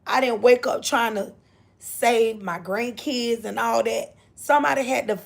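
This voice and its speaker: A woman's voice: on the high side, measured pace, vocal fry. An older woman speaking gives an inspirational faith talk to her livestream viewers, repeating her phrases and greeting them by name. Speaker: livestream host.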